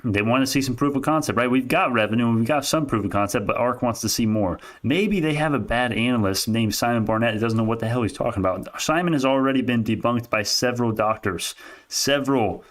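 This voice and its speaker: A young adult man giving casual, animated stock commentary on a live stream, arguing with chat and laughing often. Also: medium pitch, fairly quick.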